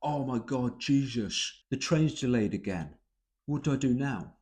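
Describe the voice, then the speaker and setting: A man putting on an overdramatic, flustered commuter who panics loudly over a delayed train. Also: mid-range voice, animated, unhurried, voice pushed up, lightly acted. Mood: panicked. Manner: loud, exclamatory, flustered.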